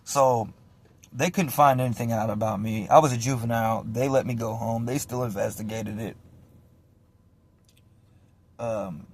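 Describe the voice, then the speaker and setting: Profane, animated storytelling man. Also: mid-range voice, moderate pace, pauses often. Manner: profane, animated, acts out voices. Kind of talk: casual storytime.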